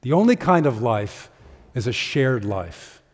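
Earnest pastor preaching in a reverberant hall. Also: male voice, medium pitch, sing-song, a little mellow, husky. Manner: earnest, conversational preaching with pauses and fillers. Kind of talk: sermon. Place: church sanctuary.

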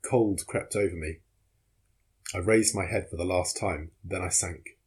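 A man reading a classic adventure novel aloud in measured, dramatic first-person narration. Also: low voice, slightly rough.

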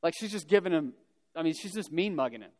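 Male pastor, high register, relaxed conversational sermon with humorous asides, reverberant hall. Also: quick pace. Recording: long reverb of a large hall.

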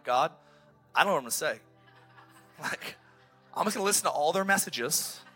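Bright-voiced, animated male pastor preaching. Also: fairly high pitch. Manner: energetic, joking, self-deprecating storyteller. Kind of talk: sermon. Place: church.

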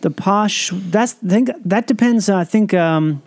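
A man who is a guest on a comedy podcast, chatting casually and jokingly. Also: sits high. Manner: animated, jokey, does quick British accent bits.

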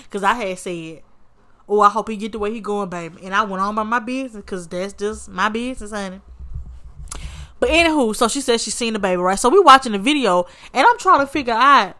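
A woman hosting her show and telling a story in casual, sassy commentary, cursing and calling her listener honey and baby. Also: medium pitch. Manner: sassy, animated, swears freely, calls listener honey and baby. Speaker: podcast host.

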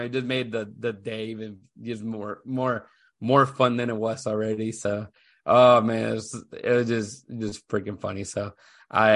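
A man's voice: lowish voice, a bit bright, no echo, studio quality. A man in his thirties hosting a podcast, telling a story in a loose, rambling way full of fillers and restarts. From Houston area, USA. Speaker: podcast host. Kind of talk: casual chat.

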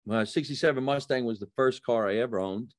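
A man's voice: mid-range voice, a little fast, no room sound, clean studio sound. A male comedian guest telling stories in a casual chat, acting out the people he quotes. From New Jersey. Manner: animated storyteller, acts out quotes in raised voices.

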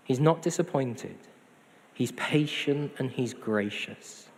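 A man's voice: medium pitch, slow pace, vocal fry. A man preaching a sermon, conversational with self-deprecating humor. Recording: hall reverb.

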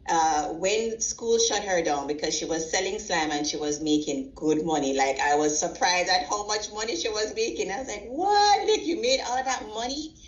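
Woman, proud parent guest, tells animated stories and acts out the quotes, recorded in a roomy space with dull audio. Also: fairly low pitch, normal speed, few pauses. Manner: animated storyteller acting out quotes. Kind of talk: casual interview. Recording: roomy, slightly dull sound.

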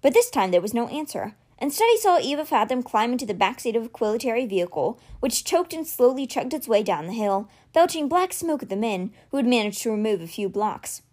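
A woman reads a novel aloud with a fairly high voice. Her pitch swings widely as she narrates, and she changes her voice for the different characters. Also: brisk, hardly any pauses. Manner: expressive, shifts pitch for dialogue. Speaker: audiobook reader. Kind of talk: reading a novel aloud, doing dialogue voices.

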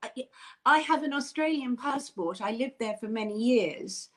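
An older woman talks as an interview guest, gushing and animated. Her voice sits a little high, and she speaks in a bubbly, effusive rush. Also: normal speed. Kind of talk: casual chat.

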